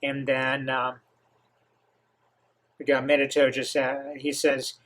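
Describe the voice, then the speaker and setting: Slow, halting man reading a comic. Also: medium pitch, completely flat delivery, a bit bright. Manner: halting, filler-heavy, enthusiastic asides. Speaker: comic reaction host.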